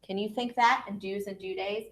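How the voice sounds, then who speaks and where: A woman teaching a music lesson to young children online. She speaks expressively and clearly, asking questions and then answering them herself. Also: mid-range voice, fairly even intonation, normal speed, very noisy.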